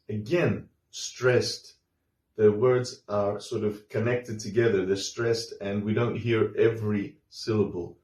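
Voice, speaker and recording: A man teaching a casual English lesson, explaining slowly with many fillers and restarts and repeating example phrases. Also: on the low side, expressive, a little mellow, reverberant.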